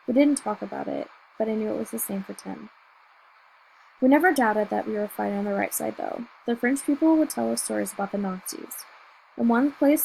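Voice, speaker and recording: Woman audiobook reader, first-person novel, steady and measured, gravelly, fairly high. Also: slight background noise, poor audio.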